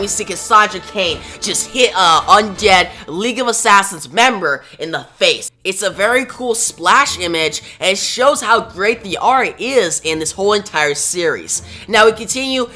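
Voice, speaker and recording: Woman reviewer, a bit low and bright, reads comic dialogue aloud casually, soft music under. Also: lively intonation, measured pace. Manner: retells panels with quotes and sound effects.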